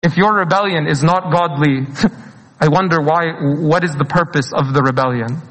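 A man's voice: on the high side, moderate pace, a bit bright. A man preaching a sermon, earnest and pleading, slipping in phrases and chuckling between lines. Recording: long hall reverb.

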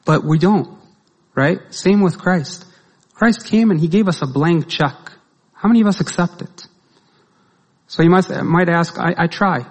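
A man's voice: a little high, measured pace, pauses often, breathy edge. Man preaching in a reverberant church. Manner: asks the congregation rhetorical questions, lively. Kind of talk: sermon. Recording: long reverb of a large hall.

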